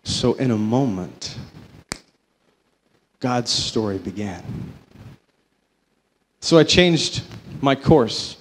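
A man sharing his faith testimony before an audience, telling it as a story that swings between slow, emphatic phrases and quicker runs. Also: medium pitch, animated, long reverb tail, slight background noise. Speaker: company vice president giving a testimony.

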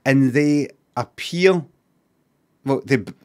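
A man's voice: medium pitch, drawn-out words, darkish tone. A Glaswegian man streaming, giving rambling, sweary reaction commentary with lots of restarts. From Scotland.

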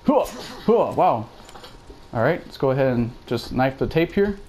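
An expressive young man with a mid-range voice speaks at normal speed over a noisy background. In his horror game let's play commentary, he chatters to his audience and yelps at every scare.

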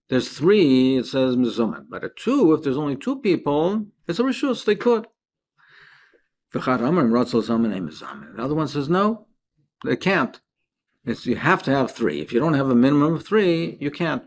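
A man, a rabbi, giving a daily Talmud lesson. He reads each phrase of the text, then explains it in plain words, and his voice rises and falls sharply for emphasis. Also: medium pitch.

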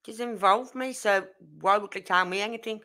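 Speaking at normal speed, this woman has a mid-range voice with a sharp tone. The host of a true crime channel, she chats casually on a livestream, reading viewer comments aloud with rambling indignation.

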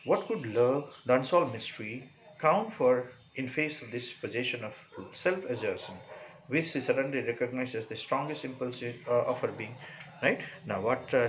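A male English teacher explaining a short story to a class, talking through it slowly, asking "right?" after each point and filling pauses with "uh". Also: mid-range voice, a bit bright, slight background noise, poor audio. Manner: explanatory, checks in with "right?" and many "uh" fillers.

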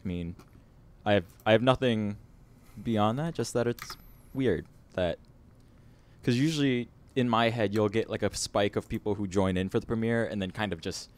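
Deep-voiced laid-back podcast co-host man. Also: moderate pace. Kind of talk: casual chat.

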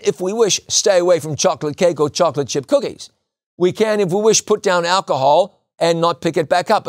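A man preaching a sermon in an emphatic way, repeating lines for stress and slowing on key words. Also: high-pitched, no echo, studio quality.

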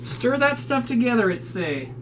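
A woman's voice: a little high, sing-song, normal speed, background noise. A woman from South Dakota cooking live on a stream, reading recipe steps aloud, swearing freely and answering chat in a home kitchen.

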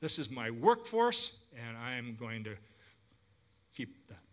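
A man's voice: mid-range voice, very animated, slow, voice pushed down. A man preaching voices a scornful, proud male Egyptian king who sneers and mocks. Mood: dismissive. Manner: sneering, mocking.

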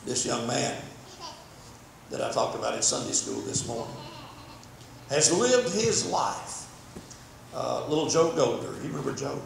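A man's voice: mid-range voice, very animated, unhurried, creaky, long pauses. An older man preaching a sermon, telling a story fervently with repeated words. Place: church sanctuary. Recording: very echoey church, faint background noise.

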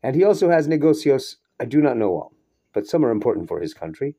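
A man's voice: medium pitch, sing-song, quick pace, warm tone, slightly rough, voice pushed up. A man doing a wry waiter. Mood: confiding. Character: older Mexican restaurant owner-waiter, wry.

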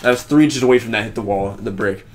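A man's voice: lowish voice, quick pace. A young man co-hosting a podcast, telling a long story in casual chat and filling it with "like". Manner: rambling, heavy use of "like" fillers. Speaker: podcast co-host.

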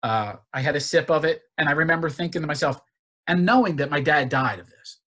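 A man from Northeast Philadelphia giving an earnest personal recovery talk, halting with many restarts and fillers. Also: on the high side, lively intonation, a bit bright. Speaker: guest speaker. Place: virtual forum presentation.

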